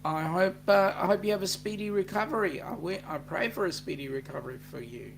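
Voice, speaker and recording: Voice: mid-range voice, fairly quick, creaky, a little hiss or hum. A host with an Australian accent, chatting on a live stream, reading out and greeting viewer comments in a laid-back way with lots of "um"s.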